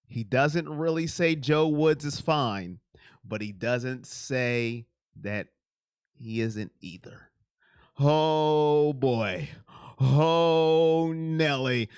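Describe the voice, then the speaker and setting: A man's voice: mid-range voice, takes it slowly, clean tone, no echo, clean studio sound. A middle-aged man hosting a casual sports live stream, chatting and reading viewer comments aloud. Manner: animated, reads chat aloud and reacts.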